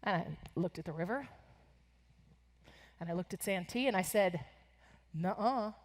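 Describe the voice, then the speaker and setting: Energetic woman speaker in echoing hall. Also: on the low side, moderate pace. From United States. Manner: energetic, animated storyteller. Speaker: motivational keynote speaker. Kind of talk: motivational keynote storytelling. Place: large conference hall.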